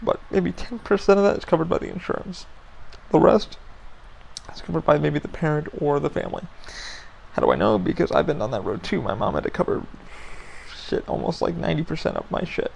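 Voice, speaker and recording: A man's voice: a little high, sing-song, a little fast, creaky, a little hiss or hum, poor audio. A man hosting a podcast, venting frankly in a casual monologue, blunt and full of swearing. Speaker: podcast host.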